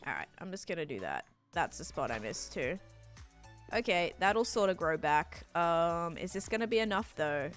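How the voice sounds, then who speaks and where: A woman's voice: on the low side, very animated, normal speed, faint music behind. A woman from Sydney with an Australian accent, chatting casually with viewers during a game stream and answering chat in a rambling way.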